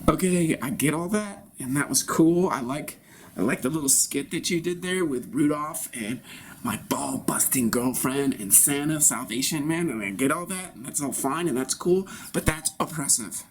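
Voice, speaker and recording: A man's voice: a little high, lively intonation, moderate pace, slight background noise. A man improvising an earnest, sensitive man who talks defensively and halts now and then. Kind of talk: improvised comedy scene.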